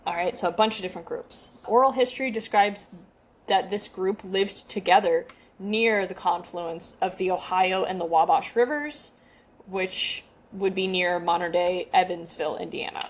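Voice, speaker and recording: A woman's voice: lowish voice, normal speed. Young adult woman, casual podcast co-host; conversational, self-deprecating read. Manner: chatty, self-deprecating, stumbles over names. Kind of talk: casual chat, reading from notes.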